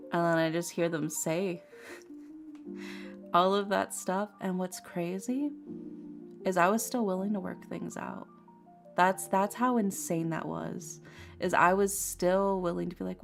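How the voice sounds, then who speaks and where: A woman's voice: fairly low pitch, fairly even intonation, moderate pace, gravelly. A young woman streamer chatting casually, talking frankly and swearing as she vents about a painful personal story. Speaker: tarot streamer. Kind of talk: casual chat. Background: faint lofi music.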